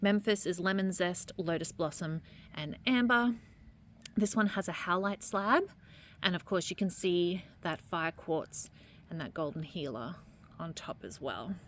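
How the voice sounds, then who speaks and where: A young adult woman, chatting casually through a product vlog about her candles and crystals, rambling and trailing off softly. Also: on the low side, expressive, measured pace, slight background noise. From Australia.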